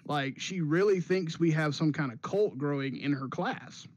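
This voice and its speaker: A podcast host tells a long story in a loose, animated way, often repeating words as he restarts. His voice sits a little high for a man. The sound is dry and close. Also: moderate pace, no echo, muffled recording. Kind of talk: casual storytelling chat.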